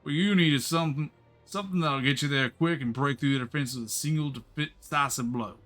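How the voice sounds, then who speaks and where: A man reading game dialogue aloud in a folksy drawl, voicing a gruff, determined railway chief. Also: fairly high pitch, lively intonation, normal speed, pushed and bright, soft background music, voice pushed up. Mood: resolute.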